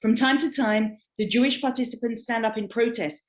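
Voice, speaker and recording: A woman moderating a panel, reading a prepared personal account aloud with expressive emphasis on key words, then handing over the floor. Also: a little high, moderate pace, hardly any pauses, reverberant, low-quality recording.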